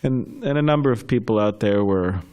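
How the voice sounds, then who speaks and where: A man's voice: on the low side, normal speed, highs cut off, a little hiss or hum. A man leading a scripture class, telling stories in a chatty way with laughs and restarts, then taking questions. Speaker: class speaker.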